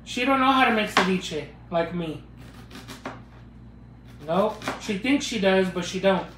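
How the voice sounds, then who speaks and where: A man's voice: high-pitched, expressive, unhurried, echoey room, background noise. Playful man hosting a live cooking stream. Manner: playful, joking, chats with viewers. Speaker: cooking livestream host. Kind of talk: casual live cooking chat.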